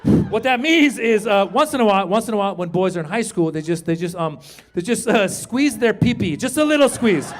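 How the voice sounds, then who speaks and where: A man from Iran performing a stand-up comedy set on stage, animated and acting out characters with drawn-out and rapid put-on voices. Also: sits high. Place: comedy venue with live audience.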